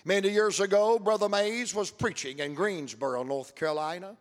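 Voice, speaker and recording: An older man preaching a sermon as pastor, reading scripture aloud and stretching out key words between long pauses. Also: sits high, long reverb tail.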